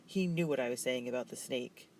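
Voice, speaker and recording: A man's voice: mid-range voice, fairly quick, a little mellow, slight background noise, natural voice. A man reading aloud voices a bossy, stubborn older sister who talks sharply and insistently. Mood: exasperated.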